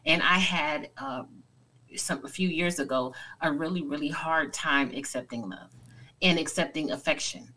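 A woman's voice: low voice, normal speed, pushed and bright, low-quality recording. A woman in her forties co-hosting a podcast, speaking earnestly and reflectively in casual conversation. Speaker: podcast co-host.

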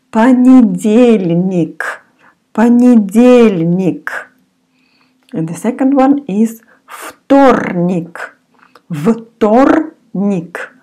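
Woman teacher, Russian accent, very slow deliberate speech, repeats each word. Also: mid-range voice, a little mellow, husky. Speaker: language teacher. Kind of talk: slow language lesson.

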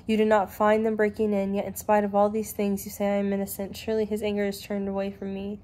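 A young woman reads scripture aloud at a steady, measured pace. Her voice is warm and mellow, and her pitch barely moves from line to line. She keeps an even, unhurried delivery throughout. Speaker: Bible reader. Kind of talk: scripture reading.

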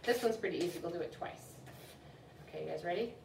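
A woman's voice: fairly low pitch, fast talker, creaky, darkish tone, slight background noise. A woman children's librarian hosting a story time in an upbeat, chatty way, recorded in a library room. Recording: roomy room, distant mic, faint ambience.

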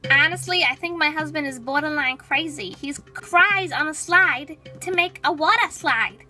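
A woman voicing a fed-up wife in a toy figure skit, scolding her husband. Her voice is very high and bright and keeps an exasperated edge. Faint music sits underneath. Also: normal speed.

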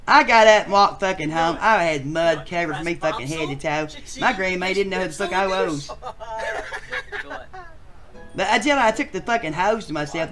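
A performer voicing a crude, rowdy male bachelor contestant, who tells profane stories and bursts into shouts. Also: medium pitch, lightly acted. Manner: profane storytelling with sudden shouted outbursts. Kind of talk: comic machinima voice acting.

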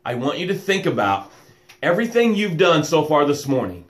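A man hosting a live motivational stream, welcoming viewers by name and guiding slow breaths. He calls himself loud and boisterous. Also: a little high, big pitch swings. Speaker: motivational coach and show host. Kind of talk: live-stream pep talk with guided breathing.

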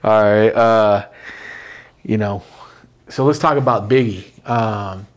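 A man interviewing a guest, asking long questions with pauses and restarts. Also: lowish voice. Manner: hesitant, many fillers and restarts.

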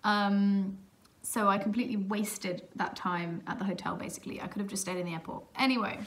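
A woman vlogger telling a travel mishap story in a casual, animated, exasperated way, laughing at herself. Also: medium pitch, a little fast. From England. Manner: animated, exasperated retelling with self-mocking laughs.

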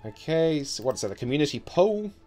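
A man's voice: a little high, sing-song, brisk, mellow, soft background music. A man with a New Zealand accent giving casual, offhand commentary as he builds a city in a game, muttering wryly to himself.

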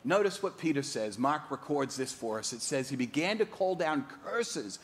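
A man's voice: mid-range voice, sing-song, normal speed. A male pastor with a mixed Australian-American accent, preaching a sermon and telling the story with drama, acting out the quotes. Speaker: guest pastor.

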